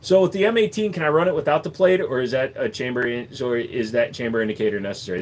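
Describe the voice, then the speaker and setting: A man's voice: medium pitch, fast talker, few pauses, a little hiss or hum. A man hosting a casual livestream Q&A, chatty and joking as he answers viewer questions. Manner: joking, chatty, shifting into accent bits. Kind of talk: casual Q&A chat.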